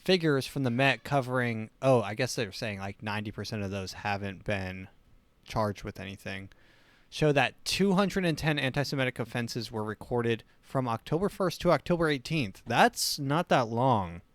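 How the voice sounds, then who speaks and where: A man's voice: medium pitch, lively intonation, normal speed, no echo. A man hosting a casual solo talk show, rambling with many restarts. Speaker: host.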